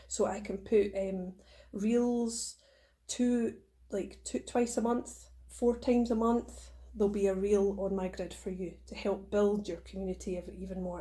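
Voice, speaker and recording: A woman's voice: mid-range voice, warm tone. A woman hosting her own podcast, talking to listeners in an earnest, encouraging and emotional way. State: tearful at times. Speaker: podcast host. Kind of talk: motivational podcast monologue.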